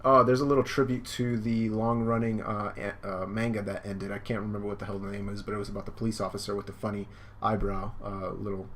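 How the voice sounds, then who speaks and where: A man's voice: fairly low pitch, little pitch movement, fast, a bit bright, slight background noise. Young guy streaming a manga reaction, rambly, laughing along, lots of ums. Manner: rambling, amused, with fillers and laughs. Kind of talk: live manga reading and reaction.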